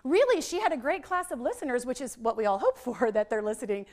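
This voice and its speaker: A woman with a high voice leads a literacy workshop for teachers. She is middle-aged and lively as she models letter sounds for the room. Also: quick pace. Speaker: literacy trainer.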